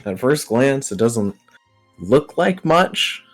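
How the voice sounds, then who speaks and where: A man's voice: medium pitch, big pitch swings, slow, voice pushed up. A brash female merchant with a salesy, swearing patter, put on by a man in a raised voice. She talks up her wares like a seasoned hawker, though she is new to the business. Faint music runs behind the tabletop game. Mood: pushy, grateful.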